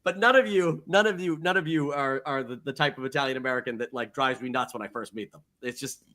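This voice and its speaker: A man's voice: medium pitch, fast, sharp tone. A man co-hosting a movie podcast, chatting casually, rambling and restarting his sentences. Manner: rambling, self-interrupting, laughing chatter. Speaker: podcast co-host. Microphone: podcast studio mic.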